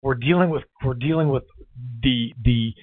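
A man's voice: mid-range voice, moderate pace, dry recording. Male host, mid-range voice. Casual interview chat, stops to clarify and restarts phrases. Phone-line audio. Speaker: podcast host.

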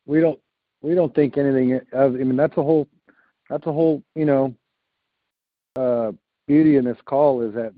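A man with an average pitch hosts a group call and reassures everyone in a loose, rambling way. His voice comes through a dry, tinny phone-like line. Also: no echo.

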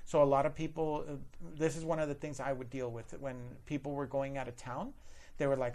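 A man's voice: medium pitch, brisk. A man in casual podcast chat, telling stories from his phone support job and acting out the people in them. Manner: animated, acts out callers and managers in his stories. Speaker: podcast host, former phone support worker.

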